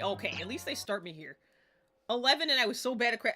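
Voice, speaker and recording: Animated woman streamer, high bright voice. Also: fast talker. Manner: animated, exasperated, swears freely. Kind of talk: casual live gameplay commentary.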